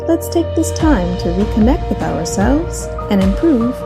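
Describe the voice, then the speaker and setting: A woman opens her podcast with a calm, inviting scripted intro, her pitch moving lively up and down. Loud new-age music plays under her voice. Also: a little slow. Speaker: podcast host.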